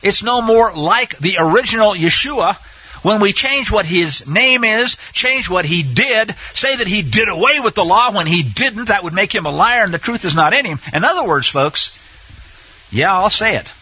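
Guy teaching scripture, really bright voice, swoops up and down a lot, kinda dull lo-fi sound. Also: sits high, animated, normal speed, husky, no room sound. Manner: emphatic, repeats phrases for emphasis, speaks directly to the audience. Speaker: Bible teacher.

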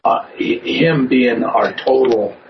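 A man joining a casual faith discussion as a guest, halting and restarting often, rising in pitch when earnest. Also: dull audio, background noise.

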